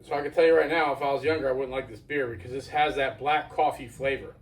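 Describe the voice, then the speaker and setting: A man's voice: mid-range voice, steady tone, fast, far from the mic, soft background music, poor audio. A man from Florida, casually reviewing a beer outdoors at night in a rambling, folksy way.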